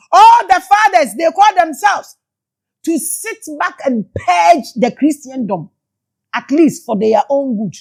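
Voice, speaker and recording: A Ghanaian woman giving emotional spiritual commentary, shouting exclamations and switching between English and Twi. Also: high-pitched. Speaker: spiritual teacher.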